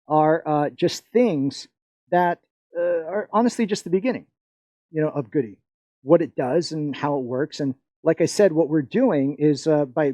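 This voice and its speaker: This middle-aged Filipino man has a slightly high, warm voice, recorded with no echo. He presents a live workshop, rambling and chatting with lots of fillers and frequent laughter.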